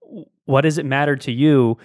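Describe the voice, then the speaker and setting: A man co-hosting a casual faith discussion, speaking in a halting way with many fillers and restarts. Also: fairly high pitch, steady tone, a little mellow, no room sound, studio quality. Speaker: podcast co-host.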